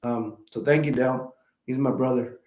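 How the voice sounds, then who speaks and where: A man's voice: mid-range voice, steady tone, darkish tone. Guy rambling on his live stream, stops and restarts a lot, hiccuping, echoey room. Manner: halting, many restarts and self-corrections.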